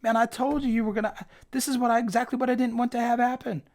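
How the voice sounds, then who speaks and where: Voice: medium pitch, little pitch movement, quick pace, darkish tone, pitched above the performer's own voice, close to an everyday voice. A Bible teacher voicing the prophet Jonah as a sulking, melodramatic man throwing a tantrum. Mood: indignant. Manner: whiny, exaggerated tantrum. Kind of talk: acted scripture quotes in a Bible lesson.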